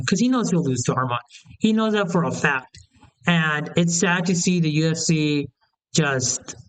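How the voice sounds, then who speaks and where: Young male commentator, slightly high smooth voice, opinionated rambling rant. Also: low-quality recording. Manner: opinionated, heated, rambling with restarts. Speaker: MMA commentator. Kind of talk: casual opinion rant to camera.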